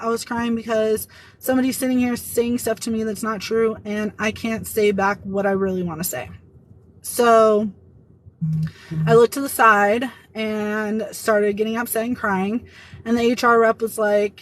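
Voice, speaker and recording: A woman with a slightly high voice tells a personal story straight to the camera. She speaks casually and with feeling, acting out the quoted lines of the people in her story as she goes. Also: low-quality recording. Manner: emotional, animated retelling with quoted dialogue. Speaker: vlogger.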